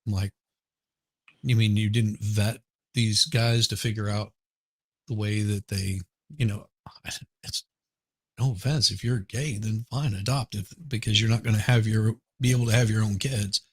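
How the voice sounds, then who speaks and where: A man's voice: on the low side, fairly even intonation, moderate pace, breathy edge, dry recording. A man appearing as a guest on a casual livestream chat over a video call, rambling and trailing off mid-sentence.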